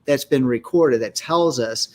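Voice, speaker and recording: A man leading a group Torah study discussion, explaining scripture and sounding out Hebrew words in a measured, teaching manner. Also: mid-range voice, a little mellow.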